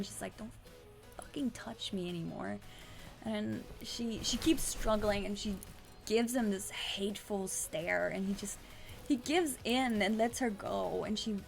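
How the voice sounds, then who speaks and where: A woman's voice: mid-range voice, creaky. A woman streamer casually recapping a story, rambling with restarts and swearing.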